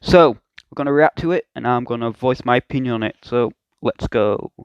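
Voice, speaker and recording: A young man comments on clips in a self-mocking, halting way. His voice sits at a middle pitch, and the recording is dry and close. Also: clear, resonant tone, dry recording, lo-fi sound. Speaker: YouTube reaction host. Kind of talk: reaction commentary.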